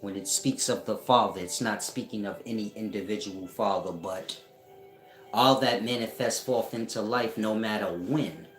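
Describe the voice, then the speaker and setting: A man giving a casual spiritual teaching at home, talking slowly and often checking that listeners follow him. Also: fairly low pitch. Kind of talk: casual esoteric teaching monologue. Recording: echoey room.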